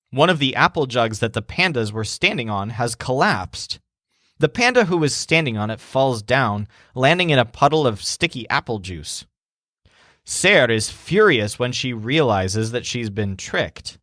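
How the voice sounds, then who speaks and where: A male teacher narrates a lesson story with lively, rising and falling pitch. He explains each word clearly and spells things out. The recording is dry and close with no room sound. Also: unhurried, dry recording. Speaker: language teacher.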